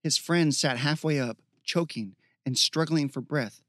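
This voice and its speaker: A man reading a fantasy novel aloud as narrator, in a measured, evocative style. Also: on the high side, a bit bright, no echo, clean studio sound. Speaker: audiobook narrator. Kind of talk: scripted narration.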